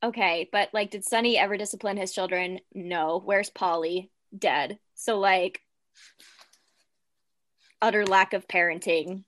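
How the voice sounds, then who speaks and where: A woman's voice: medium pitch, steady tone, unhurried, a bit bright, dry recording. A woman co-hosting a casual podcast chat, recapping scenes with wry rhetorical questions. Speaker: podcast co-host.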